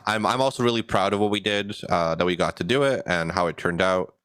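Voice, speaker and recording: Deep-voiced young man chatting casually. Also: a little fast, smooth, dry recording. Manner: relaxed, chuckling, full of fillers. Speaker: podcast co-host and editor. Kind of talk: casual podcast chat.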